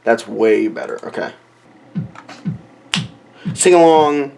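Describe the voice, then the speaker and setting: A man's voice: medium pitch, lively intonation, slow pace, vocal fry, a little mellow, soft background music. A young man joking around while recording a silly song, switching between mock singing and rambling asides. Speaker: comedy vlogger recording a song. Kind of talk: joking self-recorded rap session.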